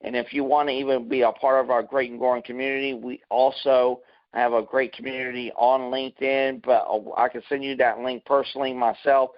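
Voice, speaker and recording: A man's voice: medium pitch, level tone, fairly quick, few pauses, highs cut off. A man as a talk radio guest, eager and promotional, often repeating himself.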